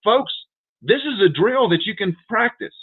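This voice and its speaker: A prepper hosting a livestream rants straight at his viewers, lecturing urgently and repetitively while calling them "folks" again and again. His high, slightly rough voice has lively intonation and a moderate pace, and the audio sounds tinny, like a phone.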